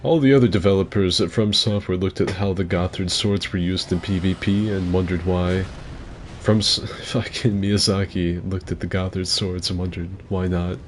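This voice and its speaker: A man with a rough, gravelly voice giving crude, joking commentary on a game fight club and answering chat as the host. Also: sits low, steady tone, moderate pace, slight background noise. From mixed heritage, partly Asian. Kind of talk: casual gaming commentary.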